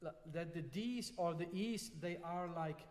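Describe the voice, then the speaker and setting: A man's voice: sits high, unhurried, darkish tone. A man coaching a trumpet masterclass, patient and encouraging, often checking in with a questioning "yeah?". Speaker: trumpet teacher. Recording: long hall reverb.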